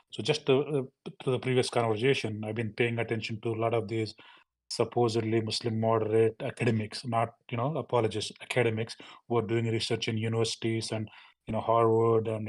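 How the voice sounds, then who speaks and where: Fast, rambling male caller with a flat voice. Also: lowish voice. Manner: rapid, rambling, full of "you know" fillers. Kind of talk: phoned-in conversation.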